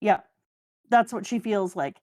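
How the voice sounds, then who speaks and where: A woman's voice: mid-range voice, animated, measured pace, darkish tone. A woman hosting a casual chat, gushing and joking her way through an anime recap. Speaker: host.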